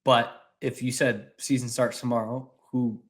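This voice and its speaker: An easygoing man co-hosts a casual sports podcast, agreeing readily and putting questions to his partner. His voice sits at an average pitch for a man. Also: little pitch movement, unhurried. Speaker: podcast co-host.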